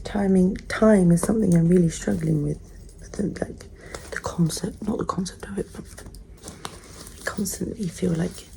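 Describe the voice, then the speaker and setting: A young woman in a whispered role-play as a chatty, easily distracted hairstylist, drifting between soft talk and whispers. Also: fairly low pitch, creaky, rough recording. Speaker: ASMR creator playing a hairstylist. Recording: noticeable background noise.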